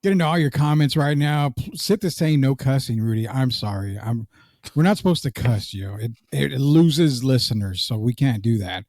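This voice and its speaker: A relaxed man co-hosts a sports talk show in a loose, joking way. He reads viewer comments aloud between takes on the league. The sound is dry and close, with no room around it. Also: medium pitch, normal speed, no echo. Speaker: podcast co-host. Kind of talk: casual sports podcast chat.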